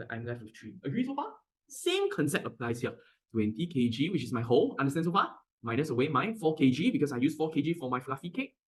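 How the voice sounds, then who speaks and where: An energetic male math tutor with a Singaporean English accent. His pitch rises and falls widely, and he talks at a fast clip. He keeps checking that his students follow along. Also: rough recording. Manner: animated, keeps checking understanding. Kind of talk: classroom math lesson.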